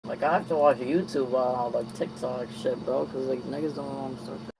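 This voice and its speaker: A man's voice: medium pitch, steady tone, moderate pace, creaky, background noise. A man chatting casually with a streamer, laid-back and profane. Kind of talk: casual chat.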